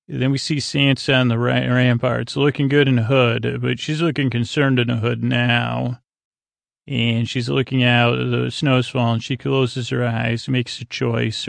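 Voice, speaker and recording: Male podcast host, rough fry-heavy voice, dry room, chatty meandering recap. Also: medium pitch, flat delivery, a little slow, no echo. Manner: rambling, many fillers and restarts. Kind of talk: casual episode recap.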